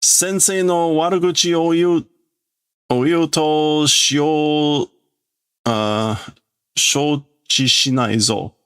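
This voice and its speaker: A man voicing rowdy young schoolboys who shout indignantly in class, reading comic lines aloud. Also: on the high side, fairly even intonation, slow, smooth, pitched above the performer's own voice.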